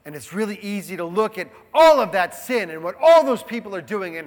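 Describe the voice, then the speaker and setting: A man preaching a sermon, shifting between hushed reflection and emphatic proclamation. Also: high voice, big pitch swings, fairly quick. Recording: long hall reverb.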